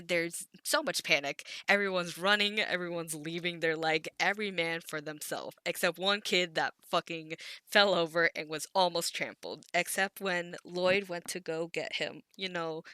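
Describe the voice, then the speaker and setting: A woman's voice: on the low side, pushed and bright, clear, resonant tone, no room sound. A woman recapping an anime episode in casual chat, rambling with frequent giggles, stutters and restarts. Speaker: anime commentary creator.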